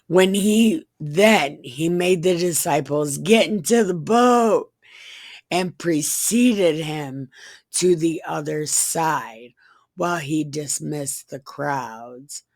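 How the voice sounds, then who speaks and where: Low, slow woman reading scripture irreverently. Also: dry recording. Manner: deadpan reading with crude joking asides. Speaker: comedic scripture reader. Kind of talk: irreverent comedic Bible reading.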